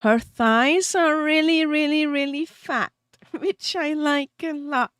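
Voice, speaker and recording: A high-pitched woman streaming as a VTuber, talking to her chat at an unhurried pace. She is giggly and openly emotional, laughing often between sentences. Her voice sounds close and dry, with no room echo. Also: a bit bright. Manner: self-deprecating rambling with small restarts. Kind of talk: casual chat with stream viewers.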